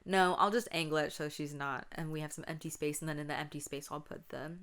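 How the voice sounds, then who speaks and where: A woman's voice: sits low, steady tone, fast, fairly bright tone. A young woman hosting a casual solo podcast, chatting and telling stories about her childhood, acting out the voices in them. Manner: chatty, laughing, acts out quotes. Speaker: podcast host.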